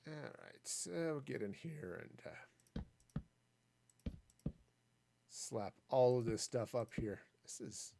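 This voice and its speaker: A man's voice: medium pitch, animated, slow pace, gravelly, long pauses, warm tone. Rambling man streaming a building game. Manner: rambling, jokey asides. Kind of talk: casual gameplay commentary.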